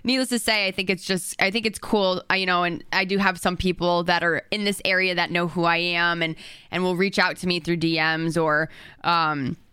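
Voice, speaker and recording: Young female co-host, bright, clear voice, bubbly casual banter, dry close mic. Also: lowish voice, flat delivery, moderate pace, no room sound. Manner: bubbly, giggly, fillers and playful tangents. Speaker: podcast co-host. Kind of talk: casual chat.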